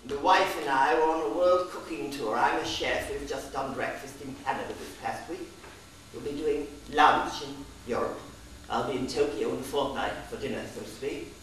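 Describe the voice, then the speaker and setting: A man's voice: mid-range voice, moderate pace, fairly bright tone, slight background noise, natural voice. A man voicing a charming, flirtatious British male tourist who is a chef, in an airy, flirtatious manner. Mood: amused. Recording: very echoey hall, distant mic.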